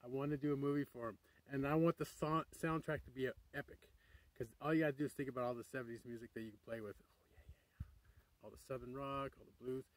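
A man's voice: mid-range voice, steady tone, fast talker, rough recording. A man talking to camera in a rambling, upbeat, digressive vlog. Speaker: vlogger. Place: outdoors near a crater with trains passing.

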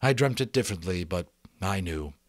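A man's voice: deep voice, expressive, normal speed, no echo, clean studio sound. A man voicing a weary, self-doubting male magician who is bitter yet kind, talking in a mournful, theatrical way. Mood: defeated. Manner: mournful, theatrical, with flares of sputtering rage.

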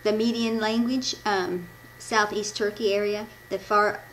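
Woman preacher from the Midwest, informal and self-correcting, mid-pitched, faint hum. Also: fairly even intonation, measured pace, a bit bright, rough recording. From Midwestern United States. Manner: rambling, self-correcting, laughs at her own slips. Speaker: devotional speaker. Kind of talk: informal church devotion, reading notes.

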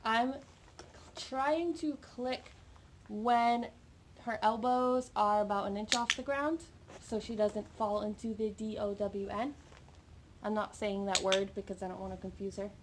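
Measured and steady, a woman dog trainer with a mid-range voice explains a live session to viewers as she trains her puppy off camera. Her coaching stays upbeat, recorded on a camera mic amid noticeable background noise and clicking.

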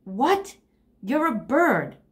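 A woman's voice: sits high, big pitch swings, extremely slow, voice pushed up, heavily acted. A woman voicing a grumpy male house cat, exasperated and insistent.

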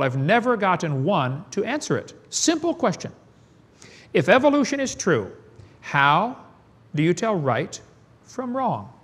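A man's voice: high voice, fairly bright tone, husky. A man giving a preaching lecture to an audience in a folksy, emphatic way, firing off rhetorical questions and chuckling. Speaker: creationist seminar speaker.

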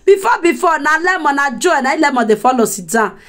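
A Nigerian woman telling gossip to her viewers in a lively, talkative way, laughing now and then. Her voice sits a little high. She sounds casual and direct, as if chatting with friends. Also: a little fast. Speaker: gossip commentator.

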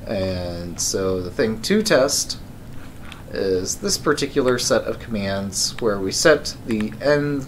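Slow, musing male programmer. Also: lowish voice, slight background noise. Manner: thinking aloud, wry, many ums and uhs. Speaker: live-streaming programmer. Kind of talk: casual live coding stream.

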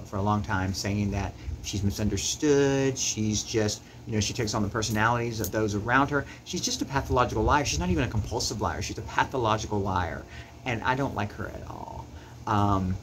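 A man's voice: fairly low pitch, brisk, slight background noise, poor audio. A man giving a heated commentary rant to camera, emphatic and passionate, often repeating words as he gets worked up. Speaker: YouTuber.

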